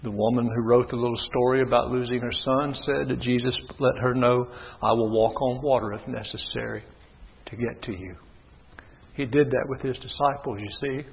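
A man preaching a sermon in a husky voice, swinging between low measured reading and loud impassioned calls. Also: fairly even intonation. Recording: tinny phone-like sound with long hall reverb.

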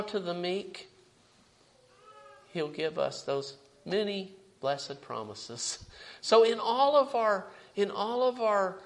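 A man with a high voice preaching a sermon. He reads scripture aloud and presses each point with rising emphasis. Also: low-quality recording.

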